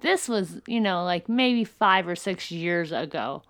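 Teasing woman co-host, lower voice. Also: expressive, a bit bright, no echo, studio quality. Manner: teasing, laughs often, quick retorts. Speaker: podcast co-host. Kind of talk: casual chat.

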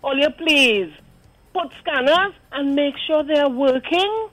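A woman with a Trinidadian accent calling in to a radio show, animated and indignant, acting out the voices she quotes. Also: sits high, takes it slowly, no echo, poor audio. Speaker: caller. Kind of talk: call-in radio commentary. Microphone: phone line.

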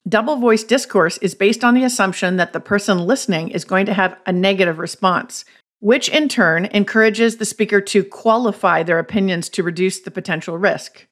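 Woman podcast host reading a script, clear and instructive, mid voice. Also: medium pitch, normal speed. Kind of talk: scripted narration.

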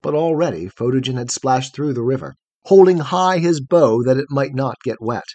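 A man's voice: medium pitch, husky, no room sound. Man reading a fairy tale, dry and close. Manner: measured, expressive storytelling. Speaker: audiobook narrator. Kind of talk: scripted narration of a fairy tale.

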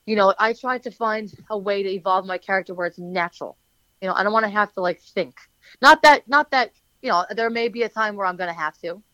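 A woman's voice: medium pitch, fairly quick, pushed and bright, no echo. Woman, New Jersey accent, rambling interview answers, dry close sound, a little dull and lo-fi. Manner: rambling, chatty, many fillers and restarts. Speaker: wrestler and manager.

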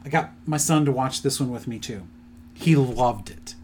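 Here a middle-aged man co-hosting a podcast walks through his picks, retelling a plot in a loose, filler-heavy way during casual conversation. His voice is mid-range and warm at a normal speed, with a little hiss or hum on the recording.

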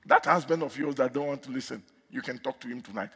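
A male preacher delivering a fervent sermon with commanding declarations, in a husky voice. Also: mid-range voice, quick pace, a bit bright. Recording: echoey hall.

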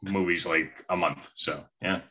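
Bright-voiced man telling film stories. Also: sits low, steady tone, a little slow. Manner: anecdotal, acts out quoted voices. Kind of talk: casual podcast chat.

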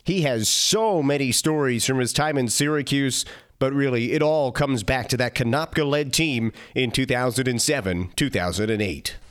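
A man hosting the show, reading scripted narration in a measured, even way. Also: medium pitch. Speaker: podcast host.

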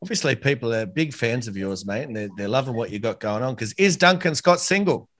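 An Australian man hosting a podcast, chatting casually and warmly with a guest, calling him mate and laughing easily. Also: mid-range voice, lively intonation, brisk, dry recording. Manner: friendly, says "mate" often, laughs easily. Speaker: podcast host. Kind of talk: casual interview chat.

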